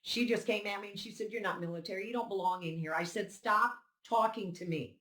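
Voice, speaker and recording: A woman's voice: mid-range voice, fast talker. Older lady, fired up and emphatic, acts out what people said, echoey room. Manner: emphatic and indignant, acting out dialogue. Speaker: poll challenger recounting events. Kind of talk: interview testimony. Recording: roomy echo.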